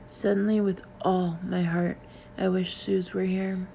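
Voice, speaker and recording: A woman's voice: flat delivery, unhurried, creaky, mellow, dull audio, slight background noise. A woman reading a first-person novel aloud, lifting her voice for the dialogue. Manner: voices dialogue with lifts in pitch and volume. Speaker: audiobook reader.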